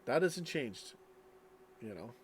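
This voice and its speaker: A man's voice: medium pitch, big pitch swings, takes it slowly, a little hiss or hum. A tired man streaming late at night, reading chat and rambling casually, yawning as he talks. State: sleepy, yawning.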